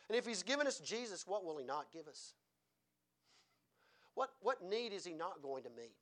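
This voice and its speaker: A male preacher giving a sermon, his pitch and loudness rising and falling widely as he preaches. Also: normal speed, pauses often. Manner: animated preaching, pitch and volume swinging widely.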